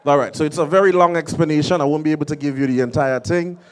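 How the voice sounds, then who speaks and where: A man emceeing a live carnival parade with a high, bright-edged pitch. He announces each band energetically and keeps the crowd making noise. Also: fairly even intonation, quick pace.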